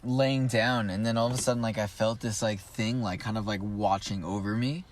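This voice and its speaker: A man's voice: fairly low pitch, steady tone, normal speed, slight background noise. Young adult male co-host, loose rambling storyteller, filler-heavy, profane. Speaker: podcast co-host. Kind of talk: casual storytelling among friends.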